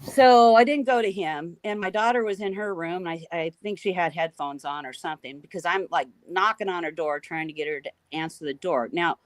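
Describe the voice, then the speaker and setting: A woman guest recounting a frightening encounter in an animated, emphatic way, repeating key phrases. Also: on the low side, brisk, hardly any pauses, no room sound. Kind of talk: emotional storytelling.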